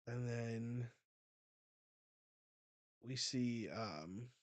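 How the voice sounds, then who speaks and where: A man hosting a casual manga reaction, excitable and a little foul-mouthed as he narrates the panels. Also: medium pitch, extremely slow, no room sound. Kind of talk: casual live reading reaction.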